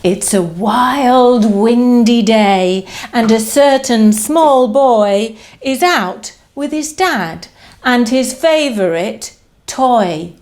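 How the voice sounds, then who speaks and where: A woman nursery teacher reading a picture book aloud to little children. Her voice is high, and she reads very slowly. Her delivery is lively and sing-song, and she keeps inviting her listeners to join in.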